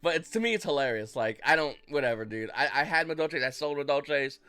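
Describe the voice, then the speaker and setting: A man's voice: fairly high pitch, animated, a little fast, pushed and bright, clean tone. A man hosting a casual trading card market commentary, talking loosely and acting out buyers' reactions in mock voices. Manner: loose, rambling delivery with restarts.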